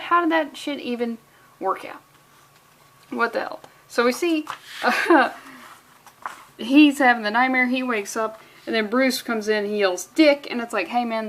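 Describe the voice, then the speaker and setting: A woman's voice: on the high side, fairly bright tone. A woman casually reviewing a comic book, rambling and profane, with lots of jokey asides.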